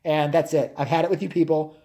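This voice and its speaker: Fast but steady, with a warm medium-pitched voice, the Chicago host rambles through anecdotes during a laid-back live stream. He laughs a lot and swears constantly.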